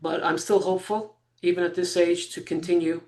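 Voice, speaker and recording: A man in his sixties, a guest in an interview, telling a personal story in a halting way, with fillers and soft laughs between phrases. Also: sits high, steady tone. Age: 60s.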